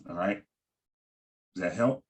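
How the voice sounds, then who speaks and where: A man's voice: low-pitched, a little slow. A man teaching a Hebrew vocabulary lesson, patiently repeating each word with frequent ums and restarts.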